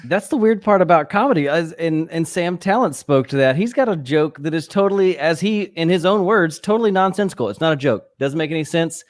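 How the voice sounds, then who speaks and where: A man's voice: a little high, lively intonation, fairly quick, hardly any pauses. A man hosting a podcast, talking thoughtfully and hesitantly about comedy. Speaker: podcast host. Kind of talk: casual podcast chat.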